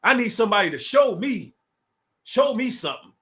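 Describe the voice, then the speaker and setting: His voice is very high, very animated, brisk, and fairly bright. He's a man from around Washington, D.C., hosting a laid-back livestream where he taunts a rival and addresses his chat directly.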